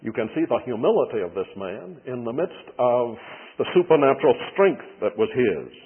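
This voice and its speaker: A man's voice: medium pitch, very animated, normal speed, husky. A man preaching a sermon who teaches through folksy storytelling with touches of humor. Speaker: pastor. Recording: tinny broadcast with long hall reverb.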